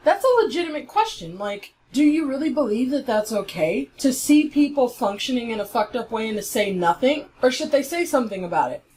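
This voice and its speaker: A woman's voice: on the high side, expressive, fairly quick, few pauses, a little mellow, a little hiss or hum. A woman giving a heated, blunt commentary, swearing freely as she picks apart an online argument. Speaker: YouTube commentator. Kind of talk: ranting commentary.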